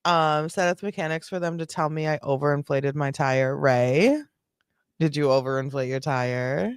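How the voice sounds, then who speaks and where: A woman with a low voice gives casual live-stream reaction commentary. She chats loosely and swears now and then, and her voice is dry and close to the mic. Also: normal speed, smooth, no echo. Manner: chatty, swearing, laughing asides. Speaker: livestream host reacting to videos.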